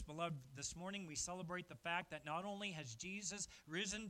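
High, bright-voiced preaching pastor. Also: male voice, moderate pace, few pauses. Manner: emphatic preaching, swinging from quiet to loud. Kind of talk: sermon. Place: church service.

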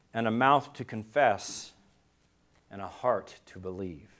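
Preaching to his congregation, this pastor alternates hushed, low-pitched passages with booming, emphatic high points, and keeps throwing rhetorical questions at them.

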